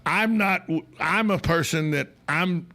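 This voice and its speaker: Gravelly-voiced male radio host. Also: sits high, slow, pushed and bright. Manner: storytelling, rambling with restarts. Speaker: radio talk show host. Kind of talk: casual radio chat.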